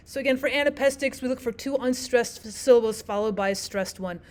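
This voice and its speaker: A woman explaining poetic meter in a lesson, walking through examples and slowing down to read lines of verse aloud. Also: a little high, darkish tone. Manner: clear, measured teaching delivery, slows to read verse aloud. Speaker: teacher. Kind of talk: explaining poetry lesson over slides.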